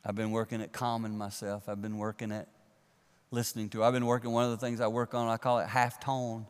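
A man preaching a sermon to a congregation, animated and swinging from loud to a near hush for emphasis. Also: medium pitch, fairly quick, clean tone. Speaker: pastor. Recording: long reverb of a large hall.

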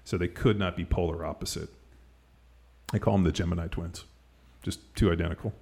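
A middle-aged man with a very deep, gravelly voice talks loosely and at length as a podcast host. His sentences wander and fill up with "like" and "you know." He laughs easily between thoughts. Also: steady tone, brisk, darkish tone. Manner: rambling, filler-heavy, lots of "like". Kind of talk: casual chat.

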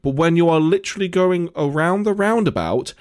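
A man from Nottingham with a Nottingham accent, telling stories in casual chat, sweary and animated. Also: fairly high pitch, fairly quick, clear, resonant tone, dry recording, studio quality. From Nottingham, England. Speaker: podcast co-host and gigging musician.

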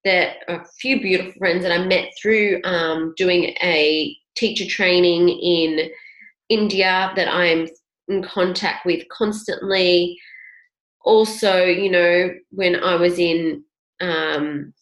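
A woman's voice: lowish voice, steady tone, takes it slowly, a bit bright, reverberant, poor audio. A woman co-hosting a casual podcast chat, speaking reflectively and encouragingly. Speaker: podcast co-host.

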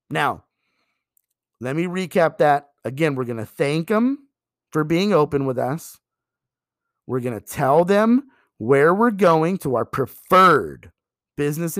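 A man giving a sales training talk, emphatic and animated, acting out pitches to customers. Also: dry recording, studio quality.

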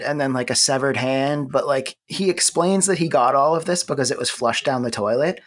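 Brief: male podcast co-host, mid-pitched, laid-back and dryly funny recap voice. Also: moderate pace. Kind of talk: casual movie-discussion chat.

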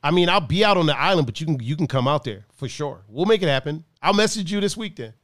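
A man's voice: fairly high pitch, expressive, fast, a bit bright, dry recording, studio quality. A young man casually telling a story about a friend, laughing often, swearing and acting out the others' lines.

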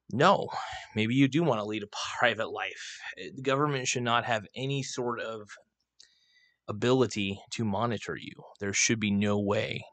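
A man's voice: lowish voice, no room sound. Rambling, profane male livestream host. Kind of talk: casual livestream rant. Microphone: desk microphone, not clipped on.

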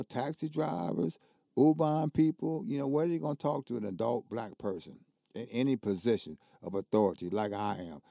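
Gravelly and dark-toned at a medium pitch, an older basketball coach swaps stories as a guest in emphatic, colloquial conversation, doubling up words when worked up. It's studio quality, with no room sound.

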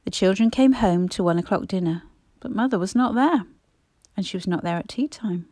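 Warm-voiced woman reading a storybook. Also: medium pitch, no room sound, clean studio sound. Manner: measured, expressive. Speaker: audiobook narrator.

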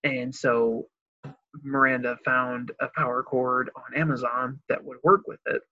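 A young man from Illinois chatting casually and animatedly, telling a story with lots of laughs. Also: measured pace. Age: young adult. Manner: animated, laughs often, breaks into high excited voices. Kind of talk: casual chat. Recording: dry, slightly dull lo-fi sound.

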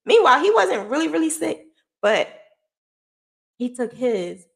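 A woman telling her own story in a casual vlog, candid and emotional, swearing freely, her voice dropping low and quiet, then rising loud and laughing. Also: big pitch swings, unhurried, vocal fry.

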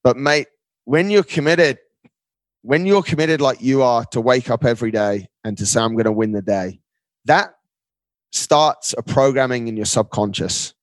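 Guest voice: energetic, emphatic man, frequent "mate", dry close sound. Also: medium pitch, normal speed, no room sound. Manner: upbeat, emphatic, keeps calling the listener mate. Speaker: guest, marathon runner. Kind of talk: casual interview talk.

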